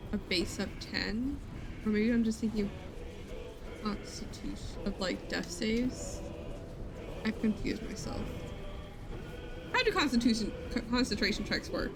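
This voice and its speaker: A woman's voice: a little high, noisy background. A woman live-streaming a video game, chatting casually, thinking aloud and laughing easily as she plays.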